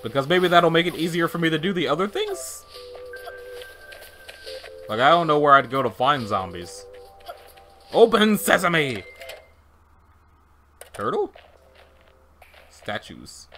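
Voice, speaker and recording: An animated man chatting his way through a video game, his voice swinging up and down as he reacts. He's a touch higher than most men and thinks out loud as he goes. Faint music sits under his voice. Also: measured pace, pauses often. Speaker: let's play gamer. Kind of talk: casual gameplay commentary.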